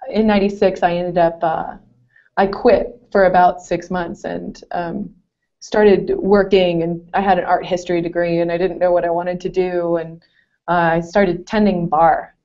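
Her voice is fairly low and warm, delivered flatly at a normal pace. She's a woman in her forties and ex-competitive swimmer, sharing stories in a relaxed interview with plenty of laughter and self-deprecating remarks, heard through dull lo-fi call audio.

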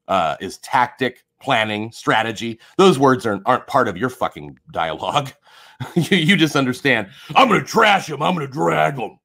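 Male streamer with an animated delivery, heated and cussing. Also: mid-range voice. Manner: heated, profane, confrontational. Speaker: livestreamer. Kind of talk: live stream rant.

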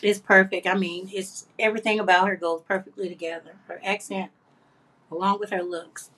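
A woman with a husky, slightly breathy voice hosts a casual craft livestream. She chats warmly with her viewers, reads their comments aloud and laughs often. Her pitch sits in an ordinary middle range. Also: fairly even intonation, moderate pace. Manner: chatty and affectionate, laughs often.

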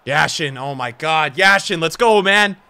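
A young man commentating his own football video game match as a streamer, swinging from low muttering to loud outbursts. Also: animated, unhurried, clean tone, dry recording. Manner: emotional, swings from muttering to shouting. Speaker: gaming streamer. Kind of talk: live gameplay commentary.

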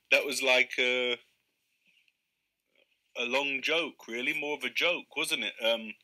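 Very bright-voiced male storyteller. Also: medium pitch, steady tone, slow pace, long pauses. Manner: casual, chatty asides with fillers. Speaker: reader. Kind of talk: live story reading.

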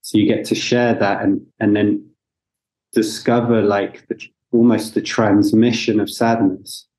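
Measured man with a mellow low voice. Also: little pitch movement, rough recording. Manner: measured, searching for words. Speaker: guest facilitator. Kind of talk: thoughtful conversational reflection.

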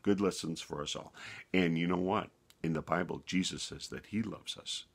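A man telling a bedtime story for children, animated and homespun, talking straight to the listener. His voice is low and gravelly with a husky edge, and it swoops high and low all the way through. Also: moderate pace. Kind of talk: bedtime story reading with a moral.

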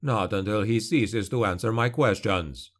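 A man voicing a grim male witch hunter in an audiobook, speaking slowly, low and cold. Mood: cold menace. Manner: slow, low, cold snarling delivery. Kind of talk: audiobook character voice.

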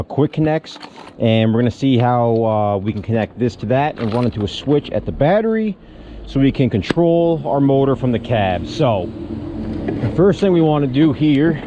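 A man with a mellow, warm voice talks through a do-it-yourself wiring job on his truck, relaxed and loose as he works with his hands. The recording sounds slightly dull and lo-fi, made outdoors. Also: mid-range voice, slight background noise. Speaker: small business owner showing a truck equipment setup. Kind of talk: casual how-to vlog.

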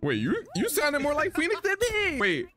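A man's voice: very high voice, normal speed, faint music behind. An American man streaming a game, chatting casually and joking with his teammates. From United States. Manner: animated, joking, laughs often. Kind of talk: casual gaming chat.

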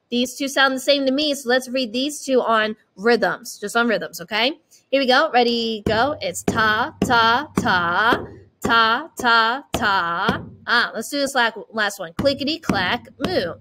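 A woman teaching an online music lesson. She chants rhythm syllables and talks students through them in an encouraging way. Her voice is high, with a faint hiss underneath. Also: unhurried. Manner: encouraging, checks in with okay.

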